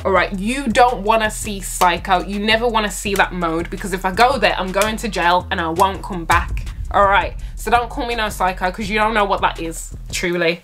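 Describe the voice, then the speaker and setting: Animated young woman telling a story. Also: moderate pace, soft background music. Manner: animated and dramatic, big swings in pitch, sassy asides. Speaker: vlogger. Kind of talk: storytime vlog chat.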